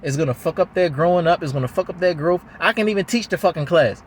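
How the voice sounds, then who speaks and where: A father from Baltimore, USA talks to camera outdoors in a fast, slightly high voice, with a little hiss or hum in the audio. It's an emotional venting monologue, heated, rambling and repetitive, and he swears often.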